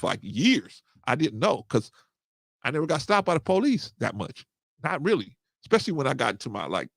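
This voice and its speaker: Man, casual storytelling host, animated, gravelly voice, dry recording. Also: medium pitch, no echo. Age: 30s or older. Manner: animated, repeats "man" and "right?", quotes others. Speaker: podcast host.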